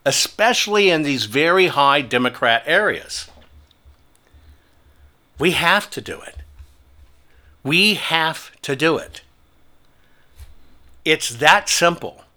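A man hosting a talk show, telling stories in a forceful, taunting manner. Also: fairly high pitch. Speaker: host.

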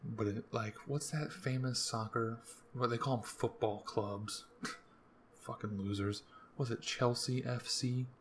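A man's voice: mid-range voice, fairly even intonation, measured pace, a little hiss or hum. A young man hosting a solo podcast, rambling casually with crude jokes. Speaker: podcast host.

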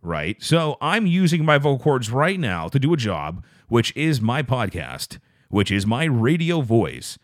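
A man's voice: sing-song, unhurried, no echo, studio quality. A man hosting a solo podcast, chatting with live viewers in an exaggerated radio-announcer voice and rambling through stammered restarts. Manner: exaggerated radio-announcer delivery, lots of pitch swoops. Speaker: podcast host.

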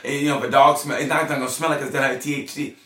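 In an echoey room, picked up from a distance, a podcast guest chats casually and launches into lively stories full of swearing and acted-out quotes. His voice is mid-range and he talks at a racing pace.

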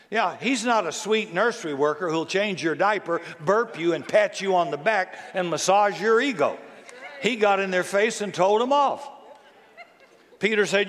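A man's voice: high-pitched, expressive, normal speed, fairly bright tone. A man preaching a sermon to his congregation in a casual, conversational way, often asking the listeners rhetorical questions. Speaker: pastor. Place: church sanctuary. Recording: long reverb of a large church.

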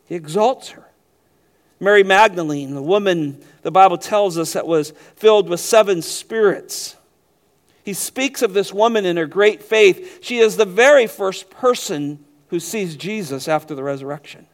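Preaching as a pastor, this man alternates between forceful, loud sections and hushed, low ones. He frequently restarts phrases by repeating words, speaking at a normal speed.

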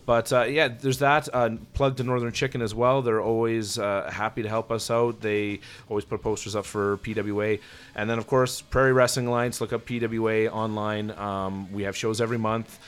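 Low-voiced man, laid-back podcast guest. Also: little pitch movement, normal speed, clear, resonant tone. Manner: laid-back, plugs his channels. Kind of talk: casual chat.

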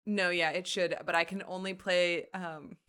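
A young woman guesting on a casual comedy podcast, wry and blunt with a dry deadpan. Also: on the low side, moderate pace, clean tone.

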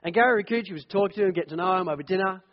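A middle-aged man, a pastor, preaching a sermon in a conversational, animated way and telling personal stories. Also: sits high, racing. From United Kingdom. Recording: echoey hall, dull lo-fi sound.

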